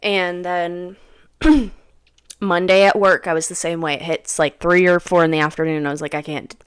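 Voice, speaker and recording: A woman's voice: lowish voice, steady tone, moderate pace, clean tone, no echo, studio quality. A young woman hosting a podcast, telling a personal story in a casual, rambling way and often repeating her own phrases. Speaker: podcast host.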